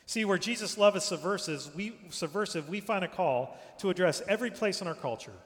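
Man, preacher, sermon, fairly high voice, emphatic, trailing to a hush, long hall reverb. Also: lively intonation, a little fast. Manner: emphatic, repeats phrases, drops to a hush at line ends.

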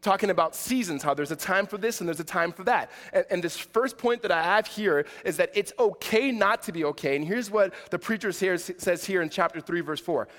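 A man in his forties preaching a sermon in a conversational way, with many fillers and restarts, moving between loud emphasis and quiet asides. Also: high-pitched, big-room sound. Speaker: pastor.

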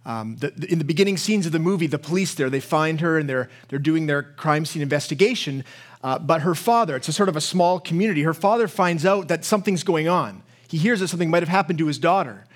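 A male pastor with a slightly high voice preaches a sermon at a fast pace. He tells stories with mounting passion, and as he builds he often repeats words.

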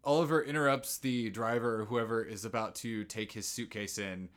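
Low, bright-voiced man co-host. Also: normal speed, smooth. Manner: relaxed storytelling, walks through plot with fillers. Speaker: podcast co-host. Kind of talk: casual TV episode recap chat.

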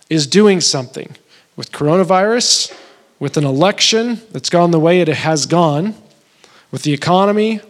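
A married man preaching a sermon, telling a dream in a conversational way and rising into emotional, pleading emphasis. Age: adult, married. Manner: emotional, builds to pleading high-pitched emphasis; conversational storytelling with restarts. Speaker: pastor.

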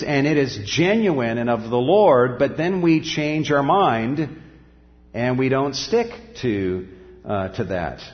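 A man preaching a sermon, earnest and steady, often dropping his voice as he acts out the voices he quotes. His voice trails off in the long reverb of a hall. The sound is dull and muffled. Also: medium pitch. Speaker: pastor.

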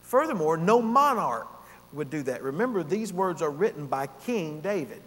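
A man's voice: a little high, big pitch swings, normal speed, fairly bright tone. A man preaching an expository sermon, teaching earnestly and rising in emphasis on key points. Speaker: pastor. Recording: long hall reverb.

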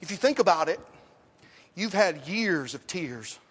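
Pastor, male, high voice, dramatic sermon delivery with sudden quiet drops, long hall reverb. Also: animated, unhurried, breathy edge. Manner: dramatic preaching, swinging from loud rhetorical questions to hushed lines.

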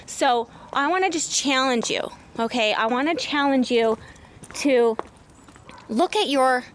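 A woman coaching her viewers in a motivational vlog, talking casually and emphatically and cursing freely when excited, while walking outdoors through her neighborhood. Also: sits high, measured pace, slight background noise. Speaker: business coach.

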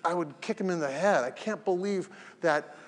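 A man with a fairly high voice teaches an evening class, earnest and emphatic, slipping into little acted-out quotes to make his points. His voice rings with a long reverb from the large hall around him. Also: normal speed. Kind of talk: live talk to a class, later posted as a podcast.

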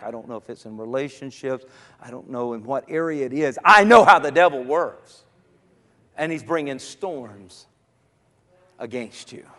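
A man preaching a sermon, swinging from soft, low passages to loud shouted cries. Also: long reverb tail. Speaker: pastor.

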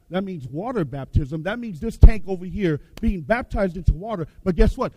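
A man preaching a revival sermon, emphatic, repeating his phrases and swinging between loud and hushed. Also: sits high, no room sound. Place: church hall with baptism tank.

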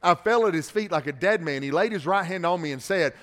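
A high-pitched male pastor preaching in a church sanctuary, his voice trailing off into the long reverb of a big room. He surges into loud, emphatic declarations, then drops to a quiet, chatty tone, often repeating a word as he restarts a phrase. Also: animated, a little fast. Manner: swings between loud emphatic preaching and quiet conversational asides. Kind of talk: sermon.

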